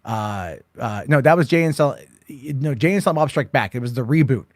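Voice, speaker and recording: A man's voice: mid-range voice, lively intonation, brisk, no echo, clean studio sound. A man hosting a casual late-night movie chat, rambling through stories with lots of swearing and acted-out quotes. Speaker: host.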